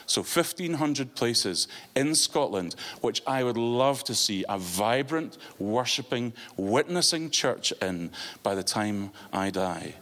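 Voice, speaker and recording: A man preaching a sermon in an earnest, halting way, telling a story with frequent fillers and restarts. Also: mid-range voice, animated, fairly bright tone.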